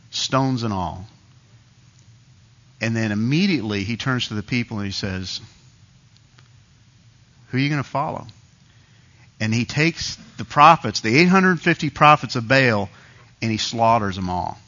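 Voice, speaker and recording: Bright-voiced man preaching a sermon. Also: fairly low pitch, expressive, measured pace, muffled recording. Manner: conversational storytelling with quoted asides.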